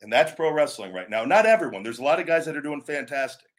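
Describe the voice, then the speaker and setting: A middle-aged man hosting his own show, talking bluntly and emphatically, now and then acting out catchphrases with sudden shouts and drawn-out words. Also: a little high, lively intonation. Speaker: podcast host and former pro wrestler. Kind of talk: opinionated casual talk.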